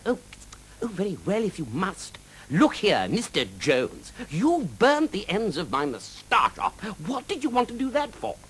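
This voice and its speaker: A man's voice: high-pitched, wildly swooping pitch, moderate pace, fairly bright tone, husky, pitched above the performer's own voice, heavily acted. A man voicing a cowardly, fussy knight in a children's storybook reading, stammering and flustered. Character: cowardly flustered male knight, middle-aged.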